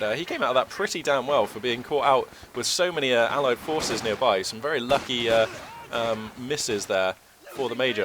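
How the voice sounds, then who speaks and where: A man with a cold offers casual, rambling commentary on a strategy game, full of fillers. His voice is on the high side, though the cold makes it a bit low, and game gunfire and artillery make the background noisy.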